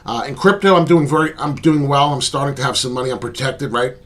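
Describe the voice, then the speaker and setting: A man's voice: mid-range voice, fast talker, fairly bright tone. A man hosting his own crypto channel, talking earnestly and bluntly off the cuff, rambling with lots of "uh" and "right?" and swearing freely. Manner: profane, blunt talk. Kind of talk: off-the-cuff vlog monologue.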